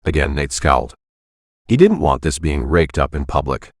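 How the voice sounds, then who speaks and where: A man narrating an audiobook in a steady, even reading voice on a close mic. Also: a bass voice, moderate pace, no echo. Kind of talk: scripted narration.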